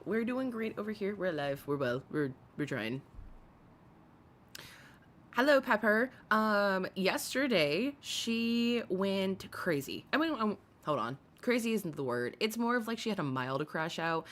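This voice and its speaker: A woman's voice: mid-range voice, lively intonation, a little slow, a bit bright. Chatty gossiping woman livestream host. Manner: chatty, gossipy, swears freely, greets viewers by name. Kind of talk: casual commentary livestream.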